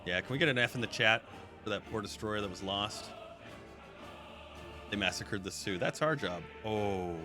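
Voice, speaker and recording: Low-voiced man streaming a game. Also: moderate pace, pauses often. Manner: chatty, talks to his chat while playing. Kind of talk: live gameplay commentary. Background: background music.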